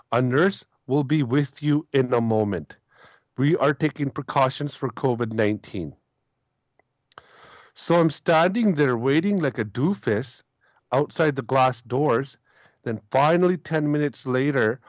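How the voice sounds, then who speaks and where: A man's voice: mid-range voice, no room sound. A male caller tells a rambling, repeating story on a phone-in show. The line sounds dull and dry, with no room around it. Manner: rambling, repeats himself, quotes others.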